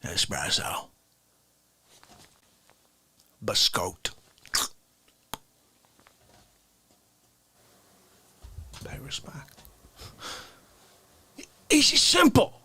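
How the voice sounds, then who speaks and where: A man putting on an indignant Italian tough guy from the Bronx, ranting slowly and dropping from shouts to hushed whispers. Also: medium pitch, huge pitch swings, husky, exaggerated voice. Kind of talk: comedic character monologue.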